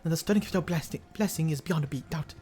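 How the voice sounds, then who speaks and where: A man's voice: a little high, quick pace, mellow, voice pushed up, close to an everyday voice. A man reading a polite tribeswoman's game lines aloud in a put-on accent, stumbling over some words. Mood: earnest.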